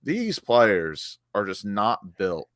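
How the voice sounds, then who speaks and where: A man's voice: lowish voice, wildly swooping pitch, takes it slowly, crowd noise. A man co-hosting a fan channel, frustrated and swearing as he picks apart the team's play. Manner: frustrated, swearing, restarts his sentences. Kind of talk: angry post-match fan chat.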